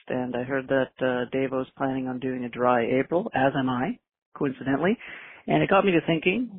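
A man's voice: mid-range voice, vocal fry, slightly rough. A man from Canada, a caller, leaving an earnest, matter-of-fact question. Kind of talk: recorded voicemail question. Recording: tinny phone line.

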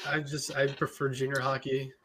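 A man's voice: medium pitch, monotone, a little fast, a crowd in the background. A man co-hosting a sports podcast, explaining things in a laid-back casual chat with many fillers. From Spokane area, Washington. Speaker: podcast co-host.

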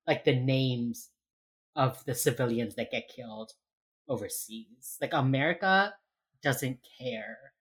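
A woman co-hosting a podcast in casual chat, recapping a TV episode with animated storytelling, acting out the characters' lines and swearing casually. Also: rumbling low, slow pace. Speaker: podcast co-host.

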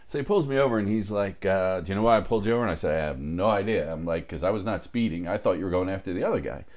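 Very deep-voiced man telling a profane story. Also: fast talker, few pauses. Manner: profane, animated anecdote-telling with quoted dialogue. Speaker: storyteller in a casual conversation. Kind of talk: casual chat.

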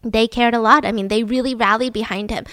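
A woman's voice: a little high, steady tone, brisk, a bit bright, dry recording. A young woman co-hosting a podcast, telling a true-crime story in a casual, chatty way full of "like" and "I mean". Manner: chatty, leans on fillers like "like" and "I mean". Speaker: podcast co-host.

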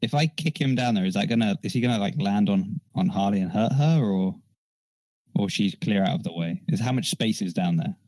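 A man with a lowish voice plays a tabletop game and talks through his plans. He has a playful, scheming manner and chuckles now and then. The sound is dry and close. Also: brisk, a little mellow, no room sound, low-quality recording. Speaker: player. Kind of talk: casual tabletop game play.

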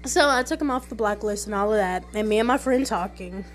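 A young woman telling a story in a casual podcast monologue, animated and sassy, with lots of fillers. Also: mid-range voice, brisk, faint music behind. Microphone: phone voice message.

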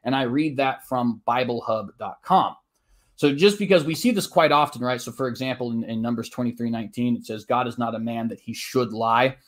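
A man making his case in a formal debate, earnest and argumentative, quoting scripture at length and often checking in with a quick tag question. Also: medium pitch. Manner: frequent tag questions and "uh" restarts.

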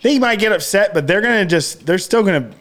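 A man's voice: high voice, animated, a little fast, a bit bright. A man co-hosting a casual podcast chat, rambling, jokey and profane. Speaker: podcast co-host.

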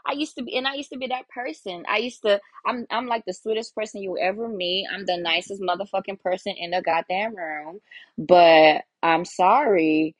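A woman's voice: medium pitch, moderate pace, no room sound. A young woman hosting a solo podcast, talking frankly and casually with lots of cursing, often acting out her own inner voice. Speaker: podcast host.

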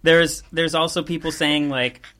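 A young man hosting a podcast, telling a story in casual chat with a laid-back, rambling manner and quick chuckles. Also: on the high side, steady tone, a crowd in the background. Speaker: podcast host.

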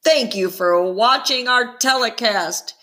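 A woman voicing a male television quiz show host who announces in a grand, drawn-out style with dramatic pauses. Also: a little high, bright, forceful tone, pitched above the performer's own voice. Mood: announcing.

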